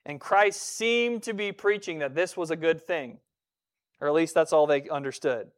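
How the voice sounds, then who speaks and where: A male pastor preaches in a relaxed, conversational way, stumbling over and repeating words as he goes. His voice is smooth and clear, set a touch high for a man, and he slips into quoted voices to make his points. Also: moderate pace. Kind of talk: sermon.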